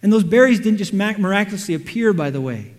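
Animated male pastor in a reverberant hall. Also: high voice, quick pace. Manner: animated, acts out quotes and everyday scenes. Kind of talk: sermon.

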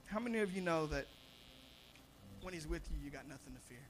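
The young man delivering this sermon as pastor has a slightly high voice and a fairly quick pace, broken by long pauses. He speaks animatedly, restarting and repeating words, and swells loud on his points.

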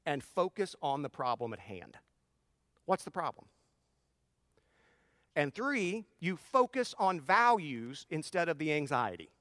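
A middle-aged man talks to his audience in a relaxed, advice-giving way, often restarting his sentences as he tells stories. His voice sits high and swings widely in pitch. It has a bright edge and sounds close and dry. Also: dry recording. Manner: animated storyteller with frequent restarts. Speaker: speaker addressing his audience. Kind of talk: casual advice talk with personal stories.

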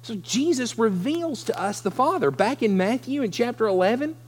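Animated man preaching a sermon. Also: extremely high pitch, moderate pace, husky. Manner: animated, acts out scripture voices. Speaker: pastor.

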